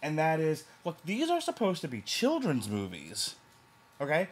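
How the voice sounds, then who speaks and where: A man's voice: on the high side, huge pitch swings, moderate pace. A man from New York casually reviewing a movie, talking emphatically and rambling with restarts.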